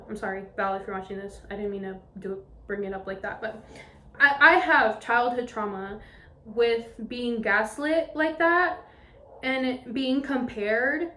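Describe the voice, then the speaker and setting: Young woman, podcast host, casual and candid, slightly high voice, echoey room. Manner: candid, expressive, swears freely, fillers like "um" and "like". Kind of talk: casual chatty podcast monologue.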